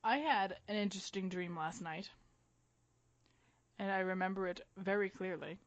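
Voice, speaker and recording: A woman co-hosting a podcast, telling stories in a casual, animated way with frequent laughs. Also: mid-range voice, moderate pace. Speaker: podcast co-host. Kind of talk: casual chat. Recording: dull lo-fi recording.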